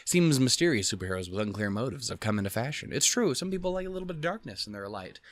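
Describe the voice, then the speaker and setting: Profane, rambling young man with a lively voice. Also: medium pitch, fast talker. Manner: profane, rambling, self-mocking asides. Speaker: let's play host reading a visual novel. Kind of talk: casual gameplay commentary with read-aloud dialogue.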